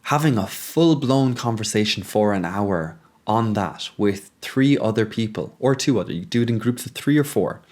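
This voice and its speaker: A man hosting a reflective monologue, thinking aloud with frequent pauses and restarts, growing urgent as he goes. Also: lowish voice, expressive, darkish tone. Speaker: podcast host.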